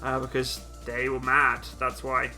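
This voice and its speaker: A man's voice: medium pitch, completely flat delivery, unhurried, pushed and bright, soft background music. A young man from Britain hosting a live stream, reading out chat comments and answering them bluntly with some teasing. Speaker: livestream host answering chat questions.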